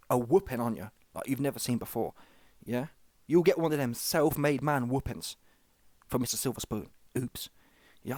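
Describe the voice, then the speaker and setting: A man's voice: medium pitch, no room sound. A man hosting a comic reaction commentary, slangy and rambling, often asking "yeah?" and "see that one?". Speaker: comedy reaction host.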